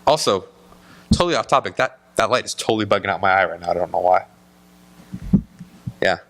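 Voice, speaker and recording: A man co-hosting a casual podcast, telling stories in a rambling, animated way from a small room. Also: deep voice, brisk. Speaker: podcast co-host. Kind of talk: casual chat.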